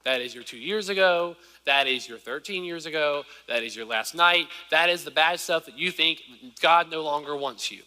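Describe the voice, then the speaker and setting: A young male preacher with a lisp delivers an energetic sermon in a high, very bright voice. He moves between loud exhortation and hushed asides. The church hall rings with a long reverb. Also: normal speed, few pauses. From Southern Virginia, US. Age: 20s. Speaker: youth preacher. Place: church sanctuary.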